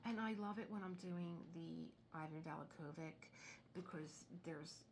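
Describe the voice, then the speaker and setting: A middle-aged woman rambling casually as she crafts, drifting into soft muttering now and then. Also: low-pitched, a little slow, very noisy. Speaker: craft video host. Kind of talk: casual chat while crafting.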